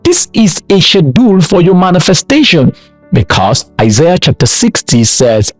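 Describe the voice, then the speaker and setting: A man's voice: high-pitched, sing-song, normal speed, dry recording, faint music behind. A man from Nigeria preaching a sermon with emphatic repeated refrains. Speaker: pastor.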